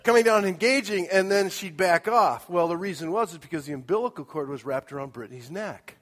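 A middle-aged man preaching a sermon, telling a personal story and acting out scenes with sudden shouts and asides. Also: high-pitched, expressive, brisk. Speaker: pastor. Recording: long hall reverb.

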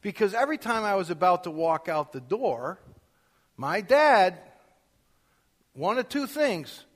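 Middle-aged man, slightly high voice, preaching with lively storytelling and loud acted quotes, long hall reverb. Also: unhurried. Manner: animated, acts out quotes loudly, self-mocking humor. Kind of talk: storytelling sermon.

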